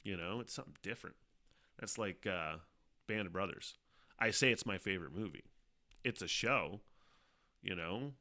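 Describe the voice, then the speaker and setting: A middle-aged man hosting a casual solo podcast, rambling and swearing often, animated, with frequent laughs. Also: deep voice, normal speed, pauses often. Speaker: podcast host.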